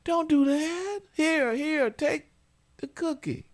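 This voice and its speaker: A man mimicking a worried, flustered young mother in a high, pleading, excitable voice. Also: slow pace.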